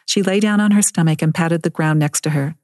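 A woman author reading aloud from her novel in a gentle, calm storytelling manner. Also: deep voice, brisk, no echo, studio quality. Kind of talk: read-aloud narration.

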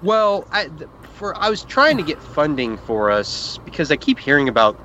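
Rambling man telling a halting story. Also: fairly high pitch, sing-song, highs cut off, music in the background. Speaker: podcast co-host. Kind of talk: casual banter.

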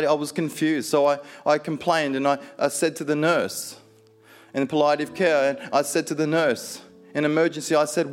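Male preacher, high voice, impassioned and repetitive; faint music under the sermon. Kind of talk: sermon testimony.

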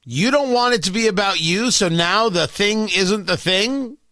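A man's voice: high-pitched, unhurried, dry recording. A man hosting a talk radio show in an opinionated monologue, sarcastic and emphatic, on a close studio microphone. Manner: sarcastic, emphatic, animated delivery.

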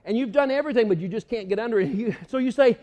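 A man's voice: extremely high pitch, expressive, very fast, mellow, big-room sound. A man preaching a sermon, acting out the story's voices and laughing along the way.

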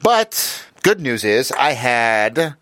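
Podcast host guy, jokey and rambling, lively up-and-down voice, dry sound. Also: mid-range voice, drawn-out words, dry recording. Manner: joking, irreverent and rambling. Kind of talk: casual chat.

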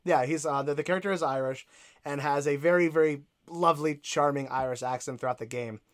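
A man's voice: fairly high pitch, a little fast. A man in casual conversation about a video game, rambling with lots of fillers and asides.

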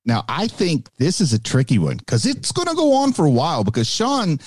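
A man's voice: a little high, wildly swooping pitch, fairly quick, dry recording. A man from the American South with an Appalachian accent, co-hosting a podcast with dry, wry joking. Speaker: podcast co-host. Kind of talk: casual chat.

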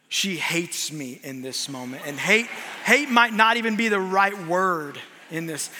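A man giving a sermon as a guest preacher, telling a funny story on himself in an animated, self-mocking way. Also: sits high, long reverb tail.

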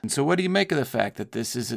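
Guy cohost breaking down a poem, kinda gravelly, slows down on the key bits. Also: medium pitch, expressive. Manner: explanatory, slows down to stress key phrases. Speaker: podcast co-host. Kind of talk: conversational literary discussion.

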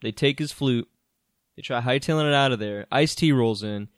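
Animated man recapping a movie, dry sound. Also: mid-range voice, moderate pace, no echo. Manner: animated, swearing, laughs often. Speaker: podcast co-host. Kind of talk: casual movie recap chat.

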